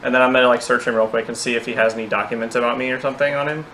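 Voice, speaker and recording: A man's voice: medium pitch, fairly even intonation, rapid-fire, bright, forceful tone. Chill guy at a tabletop game, mid voice, faint noise behind. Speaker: player. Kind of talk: casual tabletop play.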